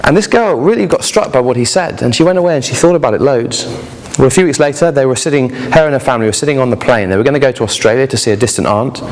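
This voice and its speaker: A man in his late twenties preaching a sermon, telling stories with lively voices and asking the congregation questions. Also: mid-range voice, fast. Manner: lively storytelling, asks the audience questions. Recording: echoey hall.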